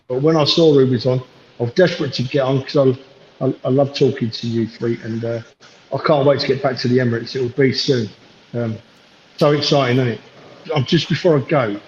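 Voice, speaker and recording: A man phoning in to a casual podcast chat from a train station, speaking warmly and saying long-winded goodbyes. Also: medium pitch, slight background noise. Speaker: caller. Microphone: phone. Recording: echoey muffled phone call.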